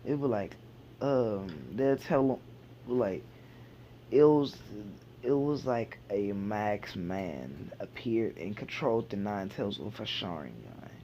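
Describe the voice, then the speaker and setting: A man's voice: fairly low pitch, expressive, slow, mellow, a little hiss or hum. A man casually retelling a fan fiction idea, rambling with many fillers and restarts. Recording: dull lo-fi home recording.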